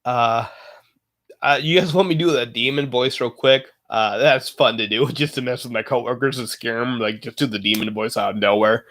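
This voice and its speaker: A man livestreaming, chatting casually with viewers in a halting way, full of fillers and self-corrections. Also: mid-range voice, steady tone, a bit bright. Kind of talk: casual live chat.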